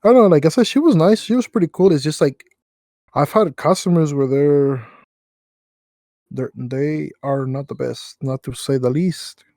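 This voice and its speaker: A man's voice: on the high side, normal speed, mellow, no room sound. A young man co-hosting a podcast, telling rambling work stories with lots of slang and fillers. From Mexican background. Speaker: podcast co-host. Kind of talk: casual storytelling chat.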